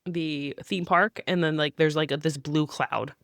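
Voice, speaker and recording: A woman co-hosting a book podcast, chatting in an animated way and laughing often. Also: low-pitched, measured pace, no room sound, clean studio sound. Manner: animated, laughs often, quotes people in voices. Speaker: podcast co-host. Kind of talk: casual chat.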